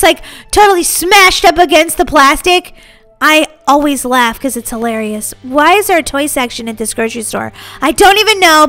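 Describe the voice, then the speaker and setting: A bubbly, excitable woman talks her fans through a video game, with a very high voice. Her tone is bright and sharp. Faint music plays behind her. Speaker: gaming channel host. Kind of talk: playing a video game and commenting.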